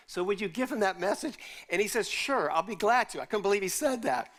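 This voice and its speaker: A pastor preaches to a live audience and moves between teaching and a vivid personal story, voicing the people in it. His voice is bright and forceful and sits a little high for a man. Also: fairly quick. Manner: animated storyteller, acts out quoted voices. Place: university chapel or auditorium.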